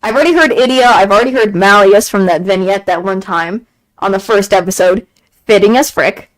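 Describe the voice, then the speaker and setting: A woman streaming a game and chatting casually, gushing excitedly, repeating herself and laughing often. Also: mid-range voice, a little fast, low-quality recording. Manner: excited gushing fan talk, frequent laughs and repeated phrases. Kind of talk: casual chat on a live stream.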